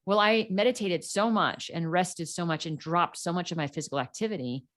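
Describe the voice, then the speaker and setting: Casting note: middle-aged woman guest, slightly low voice, animated storyteller doing quoted voices. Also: brisk. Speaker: podcast guest. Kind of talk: casual storytelling interview.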